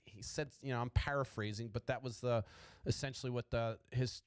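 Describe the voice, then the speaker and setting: A man's voice: medium pitch, steady tone, fairly quick, clean tone, no room sound. Stuttering, profane man ranting about politics. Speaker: podcast host.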